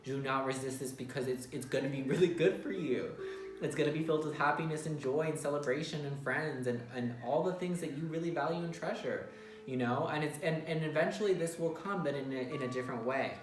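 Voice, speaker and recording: A man's voice: fairly high pitch, fairly quick. A man giving a casual tarot reading, talking bluntly and emphatically with some swearing. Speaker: tarot reader. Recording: roomy echo with faint music.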